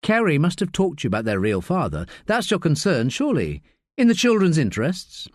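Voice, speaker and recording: A man voicing a persistent woman social worker who asks gently probing questions. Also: on the high side, wildly swooping pitch, a little fast, no echo, clean studio sound.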